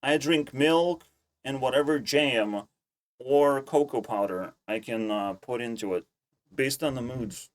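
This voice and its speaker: A man's voice: mid-range voice, unhurried. A man streaming casual commentary, ranting in a heated, profane way and repeating himself when worked up. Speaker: streamer reacting to clips.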